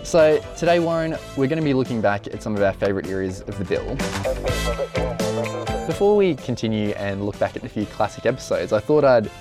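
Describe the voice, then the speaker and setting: A man's voice: lowish voice, very animated, brisk, music in the background. A man hosting a podcast in a casual, jokey way, often laughing. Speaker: podcast host. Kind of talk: casual chat.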